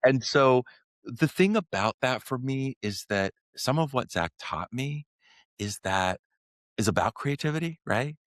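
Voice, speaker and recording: A middle-aged man, a podcast guest, telling a personal story in an earnest, halting way with many fillers and restarts. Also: mid-range voice, lively intonation, no room sound.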